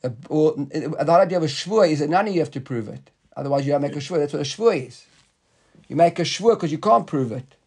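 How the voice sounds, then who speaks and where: A man's voice: a little high, lively intonation, fast talker, creaky, darkish tone, husky. A man teaching a Talmud class in a conversational way, often repeating words and asking the students questions.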